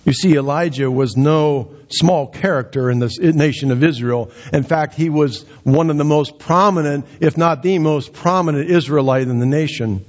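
A male pastor preaching with a husky edge to his voice, climbing higher when he acts out quoted lines. The sound is dull and muffled, like a lo-fi church recording. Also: moderate pace, hardly any pauses. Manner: dramatic, rises in pitch for quoted lines. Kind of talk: sermon.

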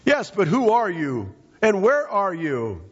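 Preacher putting on a frantic cliff-dangler, pitched way up, pleading, dull echoey hall sound. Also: male voice, wildly swooping pitch, slow, husky, heavily acted. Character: panicked man dangling from a cliff.

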